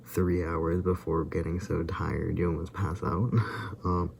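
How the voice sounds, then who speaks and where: A man's voice: low voice, level tone, takes it slowly, vocal fry, slight background noise. A weary man vlogging in a rambling casual monologue, sighing and sometimes dropping to a whisper. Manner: tired, drifts into soft whispers and sighs.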